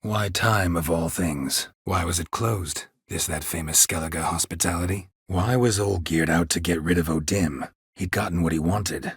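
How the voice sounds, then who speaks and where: Laconic game monster hunter: low, raspy, clipped, dry studio sound. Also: male voice, fairly bright tone, dry recording, exaggerated voice. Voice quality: husky, gravelly low voice. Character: gruff middle-aged male monster hunter, terse and dry. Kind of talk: game voice acting. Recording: dry close studio recording.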